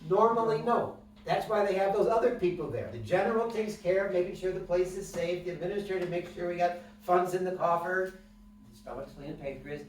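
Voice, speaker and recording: A man's voice: sits high, fairly quick, a little hiss or hum. A man instructing a class, explaining in plain terms and asking the students questions as he guides them through breathing. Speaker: wellness instructor. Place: room with a class present. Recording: echoey room, mic from a distance.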